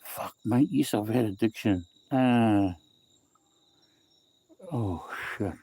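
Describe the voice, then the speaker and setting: A man's voice: on the low side, slow, mellow, slightly rough. A middle-aged man with a New Zealand accent chatting loosely on a phone livestream, reading viewers' comments aloud and repeating himself as he talks. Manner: rambling, repeats himself, reads chat aloud, says bro and eh. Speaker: livestream host. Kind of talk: casual livestream chat with viewers.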